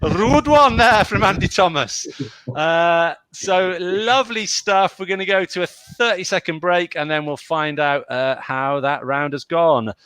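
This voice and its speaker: A man's voice: on the high side, measured pace, a bit bright, clear, resonant tone, no echo. A British man co-hosting an online pun show, chatting and linking the segments. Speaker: co-host. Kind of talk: casual online comedy chat.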